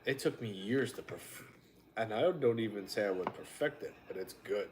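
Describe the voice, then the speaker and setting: A man's voice: fairly low pitch, animated, normal speed, a little hiss or hum. A man hosting a casual live-stream chat, telling stories bluntly and wryly and swearing freely. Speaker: host.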